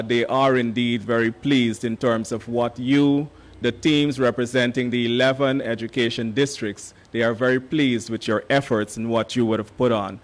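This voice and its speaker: Hoarse man giving formal remarks. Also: mid-range voice. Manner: measured, formal, with frequent hesitant fillers. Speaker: education official giving remarks. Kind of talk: formal ceremony speech.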